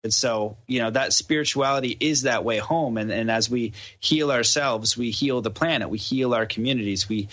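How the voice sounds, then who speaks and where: A man's voice: medium pitch, moderate pace, few pauses. A man from Canada, a podcast guest, casually telling a story and acting out the dialogue. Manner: animated storyteller who acts out the dialogue. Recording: dull lo-fi podcast audio.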